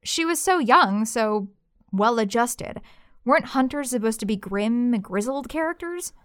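A woman narrating a story with a lively, expressive reading. Her voice sits a little high. The sound is dry and close to the mic. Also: unhurried, no room sound.

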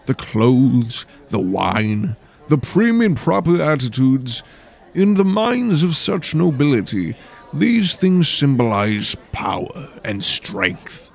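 A man voicing a posh noble lord who lectures his young protege slowly and loftily in a storybook narration. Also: medium pitch, sing-song, gravelly, exaggerated voice. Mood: lofty. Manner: slow, lofty and lecturing. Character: posh noble male lord, worldly teacher.

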